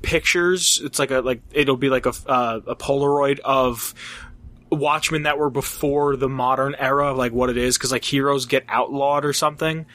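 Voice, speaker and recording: A man's voice: medium pitch, fairly even intonation, normal speed, a bit bright. A young man in casual chat, rambling with lots of fillers and swearing. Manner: rambling, filler-heavy, profane.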